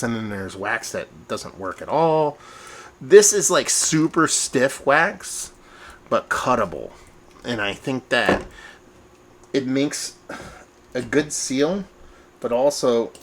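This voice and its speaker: This is a mid-range male voice with a little hiss or hum in the recording. At home, he runs his own beer review show, rambling in a lively, talkative way and teasing himself as he goes.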